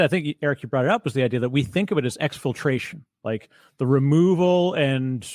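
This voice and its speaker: A man born in Canada chats through a panel discussion with a light, self-deprecating humor. His mid-pitched voice is recorded dry and close. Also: dry recording.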